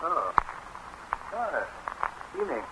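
An actor playing a stiff, awkward, polite gentleman in an old radio drama, speaking in a halting, hesitant way. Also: on the high side, very animated, background noise, heavily acted. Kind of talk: 1930s radio acting. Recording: dull lo-fi old radio recording.

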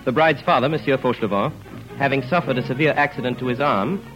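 A man narrating an old radio drama in a measured, formal storytelling manner. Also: medium pitch, music in the background, low-quality recording.

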